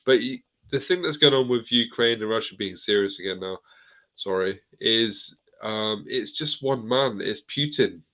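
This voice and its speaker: A man's voice: fairly low pitch, moderate pace, sharp tone. A middle-aged man hosting a casual live chat, rambling through viewer comments and swearing now and then. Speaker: host of a live chat stream.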